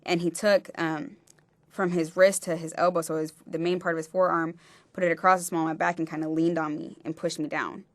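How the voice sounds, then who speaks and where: A woman recounting a personal experience in a halting way, often restarting her sentences. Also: low voice, level tone, no echo. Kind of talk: personal testimony.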